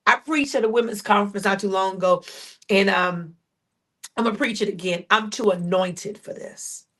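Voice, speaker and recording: A woman preaching a sermon as a podcast host, with repeated refrains and direct questions to her listeners, moving between quick storytelling and slow, drawn-out declarations. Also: mid-range voice, fairly bright tone.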